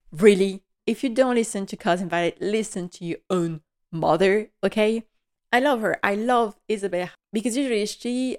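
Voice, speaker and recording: A woman's voice: medium pitch, a little mellow. A woman host giving a casual, gushing episode recap, emotional and full of fillers.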